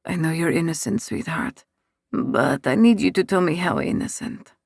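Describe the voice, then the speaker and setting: A woman voicing a commanding Italian mafia boss, an adult man who speaks low and soft with an Italian accent. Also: lively intonation, moderate pace, gravelly, breathy edge, dry recording, studio quality, exaggerated voice. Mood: coaxing.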